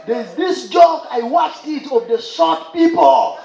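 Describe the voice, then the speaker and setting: Comic playing an insistent tall general, bossy, echoey live stage. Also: male voice, extremely high pitch, expressive, takes it slowly, creaky, a little mellow, recorded from a distance, soft background music, full character voice. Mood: demanding. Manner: insistent, demanding. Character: tall imposing male army general, deep bass, demanding. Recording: roomy live venue with audience.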